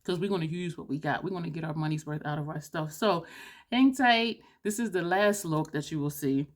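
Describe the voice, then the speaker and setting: Woman vlogger, loud and excitable, casual makeup chat, slightly low voice. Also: brisk. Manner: loud, excitable, says she is yelling; drawling, southern-style "y'all" chatter, playful cursing. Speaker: beauty vlogger.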